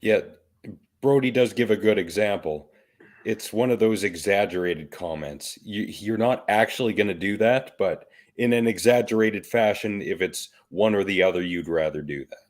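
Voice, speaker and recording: Laid-back, low-voiced male podcast co-host. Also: normal speed. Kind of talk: casual podcast chat.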